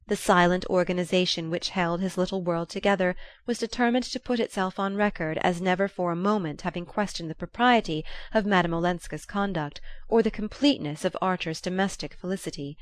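A woman narrating a classic novel aloud in a measured, even storytelling manner. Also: fairly low pitch, no room sound. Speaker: audiobook reader. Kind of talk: scripted narration.

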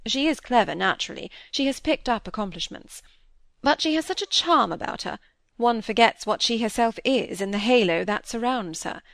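A woman voicing a smooth, courteous bachelor gentleman in an audiobook reading, probing with polite questions. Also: on the high side, animated, normal speed, no room sound, studio quality.

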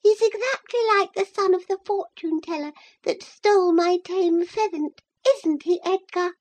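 A woman reading aloud and voicing a spoiled little girl who lisps in a very high, whiny voice. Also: darkish tone, rough recording. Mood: shrill. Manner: high, slow and lisping.

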